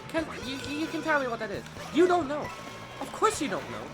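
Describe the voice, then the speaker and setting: Young adult gamer, nineteen, rambling play commentary, lively swooping voice, loud music underneath. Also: sits high, a little fast. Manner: rambling, animated, bursts into yelling at the game. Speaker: gaming YouTuber. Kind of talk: casual gameplay commentary.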